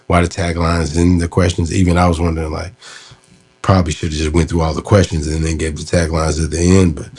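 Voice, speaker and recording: A man with a very low, husky voice talks through an old interview he did. He explains how it worked in an easy, relaxed way, full of fillers. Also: brisk. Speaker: host looking back on an old interview. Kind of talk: casual commentary.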